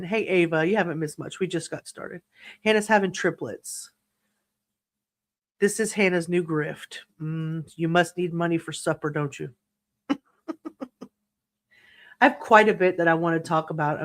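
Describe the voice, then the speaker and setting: A woman hosting a livestream, chatting casually and snarkily while reading viewer comments, laughing often. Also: fairly low pitch. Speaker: true crime livestream host.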